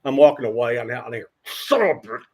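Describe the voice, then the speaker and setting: An older man telling lively sports anecdotes as a podcast guest, acting out quotes and stammering through restarts. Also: mid-range voice, quick pace, breathy edge. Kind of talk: storytelling in a podcast interview.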